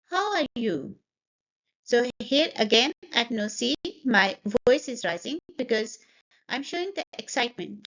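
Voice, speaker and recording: A woman's voice: fairly high pitch, sing-song, unhurried, a bit bright, dull audio. A woman teaching spoken English, saying each sentence twice and explaining intonation. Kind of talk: slow, clear pronunciation lesson.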